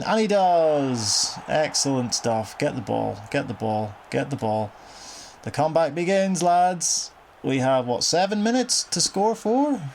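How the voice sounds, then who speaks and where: A young man talks over his football game in a casual, wry way, sighing at goals and swearing now and then. His voice is gravelly with fry at the ends of phrases. There is clear noise behind him throughout the recording. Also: medium pitch, darkish tone, rough recording. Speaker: gaming commentator.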